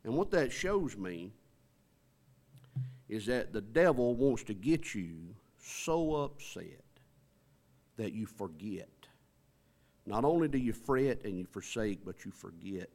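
A man's voice: lowish voice, big pitch swings, takes it slowly, pauses often, darkish tone. A middle-aged man, preaching a sermon in a folksy, conversational way with rising emphasis. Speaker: pastor.

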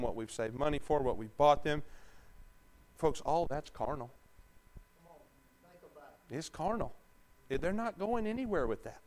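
A man preaching a sermon as pastor, calling out to the congregation for answers and swinging from quiet, conversational talk to loud, shouted passages. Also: medium pitch.

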